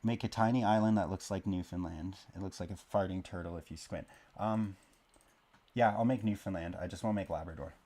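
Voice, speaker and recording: Low-pitched guy, casual rambling commentary, self-deprecating humor while drawing. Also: a little fast, warm tone. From born in Canada, raised in Oklahoma. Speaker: map-drawing video creator.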